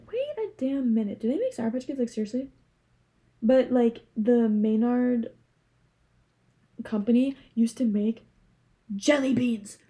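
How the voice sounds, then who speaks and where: Young woman, casual vlog monologue, animated, rambling, somewhat high, warm tone. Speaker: vlogger.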